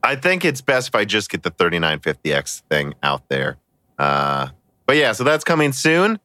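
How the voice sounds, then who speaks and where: Bright-voiced male podcast host. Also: fairly low pitch, wildly swooping pitch, normal speed, no echo. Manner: chatty and joking, laughs often between words. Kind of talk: casual podcast chat.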